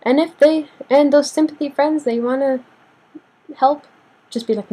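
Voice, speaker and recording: A young woman ranting casually to the camera in a sassy, animated way, acting out what people say with big jumps in pitch. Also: normal speed, rough recording. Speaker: vlogger.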